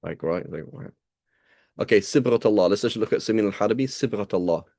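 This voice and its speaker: A male teacher talks quickly through a reading with his students, chatty and digressive, often checking in with rhetorical questions. His voice sits fairly low and sounds mellow and dark. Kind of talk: casual classroom reading and explanation.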